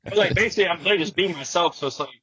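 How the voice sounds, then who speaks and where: A man's voice: sits high, racing, fairly bright tone, husky, dry recording, dull audio. A young man in his twenties, a guest skateboarder telling stories in casual, slangy, swearing chat in a podcast studio. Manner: slangy, swearing, laughing storyteller.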